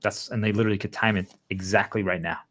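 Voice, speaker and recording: Speaking quickly in a lowish voice, a channel host chats animatedly with his viewers over a slight hiss or hum. His talk wanders, is packed with "like," and he performs the voices of people he quotes.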